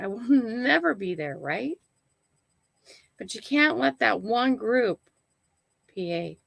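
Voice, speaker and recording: A woman's voice: fairly high pitch, gravelly, fairly bright tone, dry recording, rough recording. An older woman hosting her own live stream, chatting casually to viewers and often checking in with "right?" and "okay?". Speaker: channel host.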